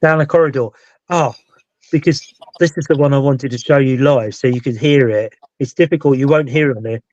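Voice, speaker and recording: A man's voice: medium pitch, fairly quick, darkish tone, dry recording. A British man hosting a casual live paranormal chat, rambling and restarting his sentences. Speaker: paranormal investigator and show host. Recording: dull dry lo-fi sound.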